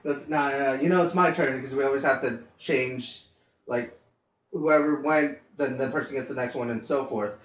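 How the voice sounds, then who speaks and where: This male podcast host speaks at a moderate pace in a medium pitch, sharing work stories in a relaxed chat. He curses freely and gets animated, doing loud impressions of the people he quotes while laughing. The recording sounds dull, lo-fi and echoey.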